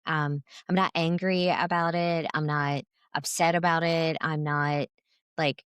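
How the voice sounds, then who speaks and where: Low-voiced woman podcast co-host, dry sound. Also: unhurried, clean tone, no echo. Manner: animated storyteller acting out quoted voices. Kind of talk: casual chat.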